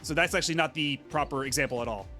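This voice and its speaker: A man's voice: fairly high pitch, rapid-fire, pushed and bright, soft background music. A man streaming a game, chatting casually in a rambling, filler-heavy way. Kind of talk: casual gaming commentary.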